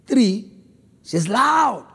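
A man preaching a sermon on relationships, swinging between loud emphasis and low asides. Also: sing-song, extremely slow, husky, in a large hall. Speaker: pastor.

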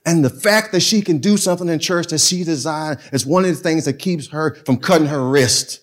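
A man, a pastor telling stories in a casual, animated way that swings between loud and soft. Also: fairly high pitch, normal speed. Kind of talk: storytelling talk.

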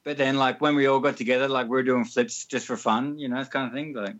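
A man's voice: medium pitch, steady tone, quick pace, fairly bright tone, dull audio. A man who is a guest on a podcast, chatting casually and rambling, with frequent chuckles and fillers. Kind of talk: casual chat. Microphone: phone.

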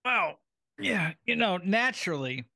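A man guesting on a casual podcast, playfully spinning deadpan nonsense. His voice is fairly high and very lively, swinging up and down in pitch. The sound is dry and close. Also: unhurried, vocal fry, no room sound. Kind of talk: casual chat.

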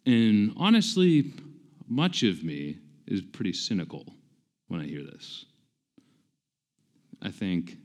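Lively-voiced man in his forties preaching. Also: on the low side, slow pace, long pauses. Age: 40s. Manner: conversational, self-deprecating, emphatic repetition. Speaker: pastor. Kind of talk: sermon.

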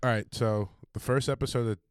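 Fast-talking young man, casual banter. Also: medium pitch, fairly even intonation, smooth, no echo, clean studio sound. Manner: swearing, laughing, jumps into shouted bits. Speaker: podcast co-host.

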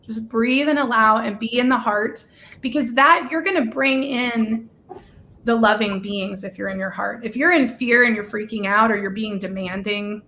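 A woman's voice: fairly high pitch, moderate pace, bright, forceful tone, a little hiss or hum. A woman co-hosting a casual livestream chat, gushing and talkative, with lots of "like". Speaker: livestream co-host.

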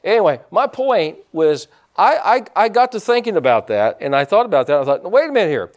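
A male pastor preaches to a congregation in a church sanctuary, his pitch sitting a little high for a man and swinging in lively, animated arcs. He keeps drifting into folksy asides and addressing people in the pews. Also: moderate pace. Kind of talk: sermon.

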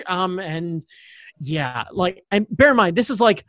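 A man's voice: high voice, animated, a little slow, pushed and bright, no echo. A man from suburban Baltimore County telling a personal story in casual chat, rambling with lots of fillers and blunt swearing. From suburbs of Baltimore County, Maryland.

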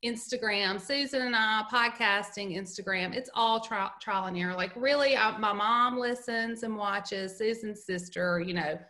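A woman's voice: mid-range voice, moderate pace, few pauses, sharp tone. A middle-aged woman with a Southern US accent, co-hosting a podcast and chatting casually, telling stories and laughing often. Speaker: podcast co-host. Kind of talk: casual chat.

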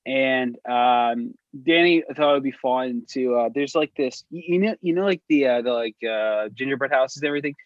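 A man's voice: mid-range voice, moderate pace, hardly any pauses, no room sound, muffled recording. A young man co-hosting a casual chat among friends, rambling through stories with many fillers and restarts. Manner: rambling, heavy filler words. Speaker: podcast co-host.

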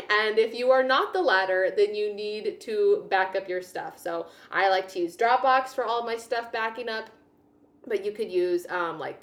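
A woman hosting her own podcast, giving upbeat, chatty business advice. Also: mid-range voice. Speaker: podcast host. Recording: roomy echo.

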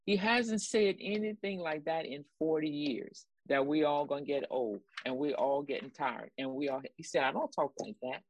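Low-pitched and moving at a moderate pace with few pauses, this ministry co-host's voice comes through with slight background noise. Her preaching commentary is emphatic and repetitive, full of exclamatory praise that spurs her audience on.

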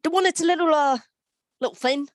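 A woman's voice: high voice, fast, no room sound, studio quality, close to an everyday voice. A woman improvising a pushy, cheerful male mate who keeps coaxing his sad friend. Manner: eager, repetitive, coaxing. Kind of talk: improv scene.

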